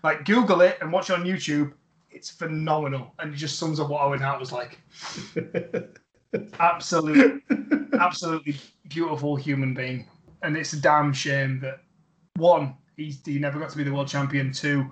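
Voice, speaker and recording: A man telling a story in casual chat, animated and enthusiastic, swearing freely. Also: a little high, moderate pace, roomy sound.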